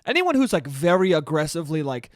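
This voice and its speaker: A young man with a somewhat high voice talks straight into a close mic in a dry, deadened room. He hosts a solo podcast, rambling through stories in a loose, animated way. Swearing comes often and casually. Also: fast talker, no echo. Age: young adult. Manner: profane, animated storytelling. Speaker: podcast host.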